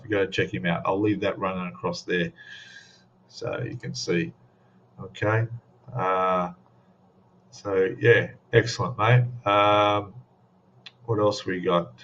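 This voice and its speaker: An Australian man hosting a casual live stream, rambling along and greeting viewers in the chat one by one, recorded at home on his webcam microphone. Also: fairly low pitch. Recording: dull lo-fi webcam mic.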